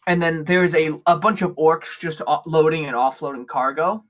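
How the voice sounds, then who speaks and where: A man's voice: a little high, fairly even intonation, moderate pace, fairly bright tone. A man narrating a tabletop game as game master, describing the scene in a rambling way with many fillers.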